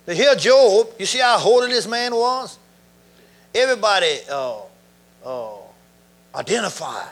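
Preacher guy, high voice, animated, laughs and shouts a lot mid sermon. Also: a little slow, long pauses.

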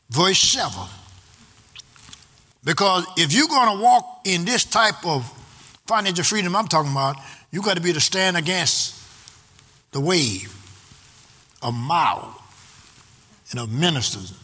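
A man preaching a sermon, prompting the congregation to answer back and reading scripture aloud in a slow, stressed cadence. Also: a little high, pushed and bright. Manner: exhorting with call-and-response to the congregation. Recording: long hall reverb.

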